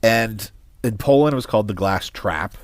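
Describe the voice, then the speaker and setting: A man co-hosting a movie podcast, passing on trivia he looked up in a relaxed way. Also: on the low side, normal speed, dry recording. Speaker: podcast co-host. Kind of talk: casual movie discussion.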